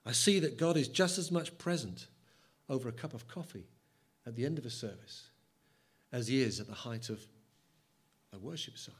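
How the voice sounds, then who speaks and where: A man's voice: animated, normal speed, pauses often, husky. Dramatic male preacher. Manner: dramatic, swings from loud and high to hushed. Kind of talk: sermon.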